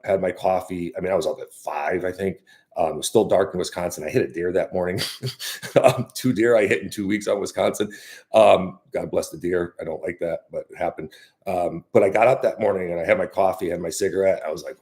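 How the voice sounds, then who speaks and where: Rambling low-voiced fishing guide, young man. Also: darkish tone. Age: young adult. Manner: rambling, with many fillers and restarts. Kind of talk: casual storytelling monologue.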